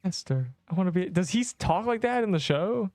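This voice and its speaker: A hoarse young man casually chatting and joking while live-streaming a game. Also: high voice, animated, darkish tone, no room sound, faint music behind. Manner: joking, chatty, quick to laugh.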